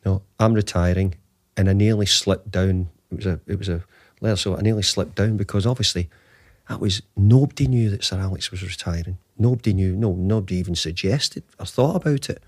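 A man in his fifties with a very low voice, recalling his career as a football manager in a halting, repetitive way. The recording is dry and close, with almost no room sound. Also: breathy edge, no room sound. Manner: halting, often repeats words and restarts. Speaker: football manager, interview guest. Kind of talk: conversational storytelling.

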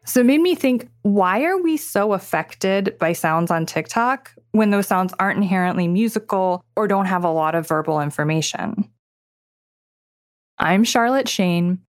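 A woman's voice: mid-range voice, animated, moderate pace, dry recording. A woman writer narrating her own audio essay in a reflective, thoughtful manner on a close studio mic. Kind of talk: scripted narration.

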